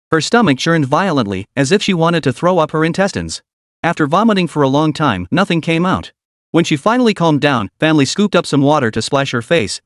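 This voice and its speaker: Lively, fairly high-voiced male narrator. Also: dry recording, studio quality. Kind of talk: scripted story recap narration.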